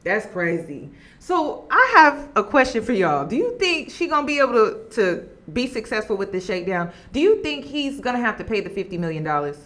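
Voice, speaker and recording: A woman vlogger chatting straight to her audience in a casual commentary. Her fairly high voice rises and falls a lot. She laughs often between remarks. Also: brisk, hardly any pauses. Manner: animated, laughing, talks straight to viewers.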